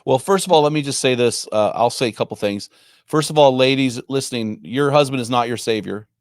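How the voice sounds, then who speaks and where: A man's voice: medium pitch, a little fast, dry recording, clean studio sound. A man in his fifties, a Christian ministry founder, talking emphatically in a preacher-like way. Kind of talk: impassioned Christian talk.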